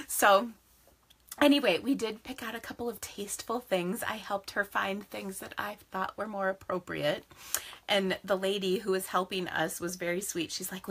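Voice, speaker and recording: A woman in her forties hosts a casual live stream, greeting viewers one by one. Her voice is bright, and she laughs easily as she chats. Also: medium pitch, moderate pace. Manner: chatty, greets viewers by name, laughs often. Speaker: craft business host.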